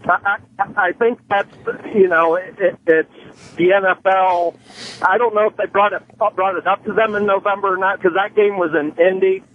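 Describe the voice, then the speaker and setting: A man from Indiana calling into a radio show, talking in a halting, rambling, nervous way. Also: sits high, steady tone, highs cut off. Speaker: caller. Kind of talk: phone-in caller.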